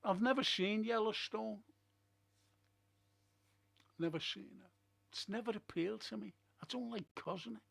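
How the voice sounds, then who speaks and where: Gravelly man chatting. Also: high-pitched, unhurried, pauses often, fairly bright tone. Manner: chatty storyteller, blunt opinions. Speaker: host of a film and TV review show. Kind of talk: casual rambling chat. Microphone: streaming setup.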